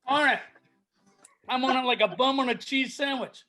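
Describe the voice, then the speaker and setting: A man's voice: extremely high pitch, moderate pace, sharp tone. A man who is a tribute artist, telling dad jokes over a video call with playful stammering restarts before the punchline.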